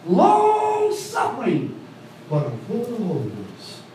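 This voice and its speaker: A man preaching an animated call-and-response sermon, recorded from a distance in a church. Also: normal speed, a little hiss or hum. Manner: animated call-and-response preaching, voice swooping high for quoted women. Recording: echoey hall, mic from afar.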